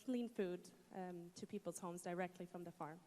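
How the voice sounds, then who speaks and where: A woman's voice: on the low side, fairly even intonation, moderate pace, dark tone. A woman from Egypt, a panelist who answers earnestly with some hesitations. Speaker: panelist, entrepreneur. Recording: long hall reverb.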